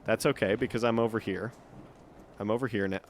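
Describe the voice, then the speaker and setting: A man's voice: fairly low pitch, fairly even intonation, a little fast, a little hiss or hum. Man muttering through live gameplay. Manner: chatty, muttering to himself, frequent swearing. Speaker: streamer.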